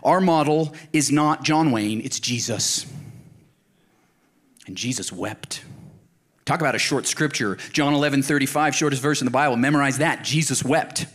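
A man's voice: mid-range voice, moderate pace, a bit bright. A man from Colorado giving a casual, conversational sermon as a pastor, earnest and emphatic, speaking straight to his listeners. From Colorado, United States.

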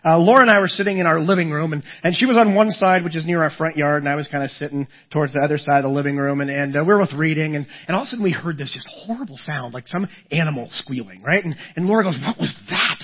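A man's voice: on the high side, rapid-fire, hardly any pauses, husky, highs cut off. A middle-aged man preaching a sermon as a pastor, telling stories with acted-out voices and often repeating words as he starts a thought. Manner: storytelling with lively acted-out voices.

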